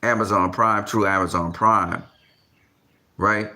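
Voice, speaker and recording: Male boxing commentator, gravelly and bright, lively exasperated delivery with heavy repetition. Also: slow. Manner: repetitive, exasperated rants with slang; gets louder and higher when worked up. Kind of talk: animated boxing talk.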